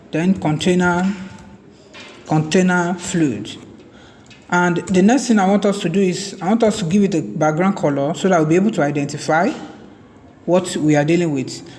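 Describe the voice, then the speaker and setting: A man teaching a coding tutorial, talking slowly and often repeating and restarting words as he types. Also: high-pitched, a little mellow. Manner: slow, repeats and restarts words while typing. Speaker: web development tutor. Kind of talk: screen-recorded coding tutorial. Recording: reverberant room with faint ambient noise.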